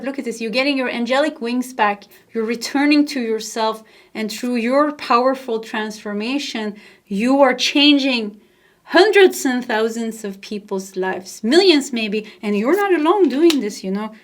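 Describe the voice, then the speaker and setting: A woman with a Nordic accent giving a tarot card reading to camera, soft-spoken and gentle, laughing lightly now and then. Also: a little high. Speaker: tarot reader.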